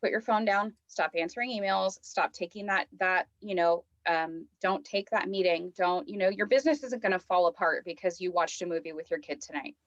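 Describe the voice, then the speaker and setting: A woman's voice: lowish voice, fairly quick, few pauses, dry recording. Chatty woman guest, lots of "like" and "you know", dry dull-ish audio. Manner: animated storyteller, acts out quotes, lots of fillers. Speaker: podcast guest, lifestyle coach. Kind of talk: casual chat.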